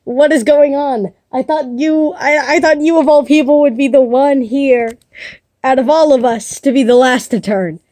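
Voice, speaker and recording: High, anxious, earnest doll girl, played by a woman reading a story pitch; close and dry. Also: very animated, normal speed, hardly any pauses, darkish tone, no echo. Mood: pleading. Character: nervous, sweet-natured doll girl.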